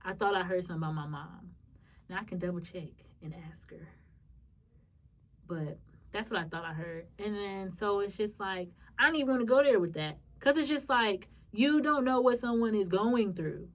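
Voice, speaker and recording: A young woman, hosting a podcast and telling a personal story in a lively, animated way. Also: medium pitch, a little fast, distant mic. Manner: lively, animated retelling with acted-out quotes and laughs. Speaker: podcast host. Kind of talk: casual storytelling monologue.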